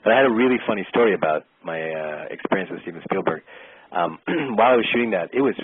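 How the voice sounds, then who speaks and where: Husky-voiced man telling a story over the phone. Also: deep voice, fast talker, no echo. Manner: lively storyteller who acts out quoted exchanges. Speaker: actor and interview guest. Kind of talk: casual storytelling anecdote. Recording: tinny phone-line sound, dry.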